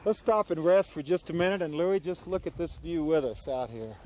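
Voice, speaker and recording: A fairly high-voiced man hosts a travel show out on a high mountain trail. He sounds out of breath from the thin air. He keeps asking eager questions, full of wonder at what he sees. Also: expressive, brisk, a little mellow. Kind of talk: outdoor travel show interview.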